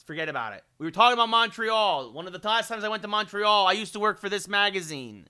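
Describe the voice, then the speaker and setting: A man streams a hockey video game, talking with his viewers in a high, smooth voice at a quick pace. His chatty talk keeps shifting into excited play-by-play calls.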